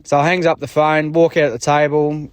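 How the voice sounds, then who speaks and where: A man's voice: fairly high pitch, flat delivery, brisk, clean tone, dry recording. A man with an Australian accent leaving a long, casual voice message, telling a story in a blokey, swear-heavy way. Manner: blokey, swears freely, does mates' voices in his story.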